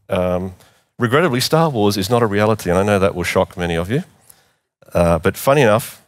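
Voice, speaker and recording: Man, middle-aged pastor, very low voice, earnest church sermon. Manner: earnest, repeats phrases for emphasis.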